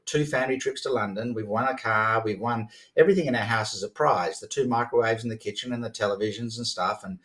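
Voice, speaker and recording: Animated man in his fifties. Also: lowish voice. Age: 50s. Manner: animated, quick to act out dialogue, frequent restarts. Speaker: podcast guest, sales strategist. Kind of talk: conversational storytelling.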